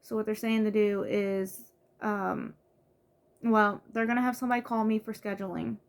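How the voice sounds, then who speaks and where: A woman's voice: mid-range voice, little pitch movement, moderate pace, vocal fry. A young woman from the United States venting in a casual vlog, frustrated, with many fillers and restarts. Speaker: vlogger. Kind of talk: casual vlog rant to camera.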